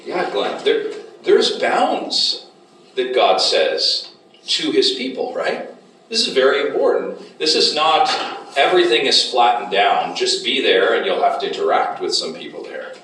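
A man lectures a Bible study class in a classroom, often stopping to ask the group questions. His voice sits at an everyday middle pitch. It is picked up from across a very echoey room, with a faint hiss underneath. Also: very animated, unhurried, sharp tone, recorded from a distance. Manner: asks the class frequent questions. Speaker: Bible teacher.

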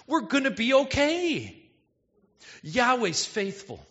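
A man voicing an excited, hopeful Israelite man in a crowd, reassuring the others with eager exclamations. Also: very high-pitched, slow pace, dull audio, pitched above the performer's own voice, full character voice.

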